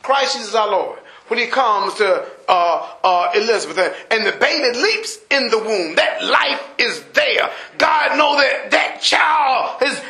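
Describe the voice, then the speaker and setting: A man preaching a sermon, shouting emphatic lines and acting out everyday people in a lowered voice. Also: animated, measured pace, hardly any pauses. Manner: impassioned, shouting emphatic preaching with rising bursts. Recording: roomy echo.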